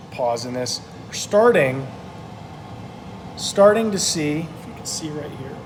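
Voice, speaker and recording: Guy cooking and rambling, kinda high voice, faint sizzle noise behind. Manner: rambling, with many ums and uhs. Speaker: cooking vlogger. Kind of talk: casual talk while cooking. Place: kitchen with food searing.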